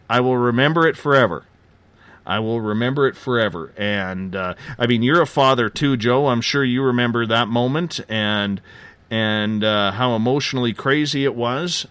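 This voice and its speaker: A man's voice: medium pitch, fairly bright tone, clean tone, no room sound. A man in his forties hosting a radio show, telling a personal story with many fillers and a lot of emotion. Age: 40s. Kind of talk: casual radio chat.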